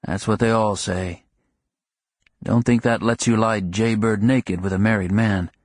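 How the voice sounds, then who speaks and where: A man reading an audiobook, voicing a joking middle-aged clerk husband with sardonic, mock-gruff banter. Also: fairly low pitch, steady tone, measured pace, no room sound, studio quality. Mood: wry.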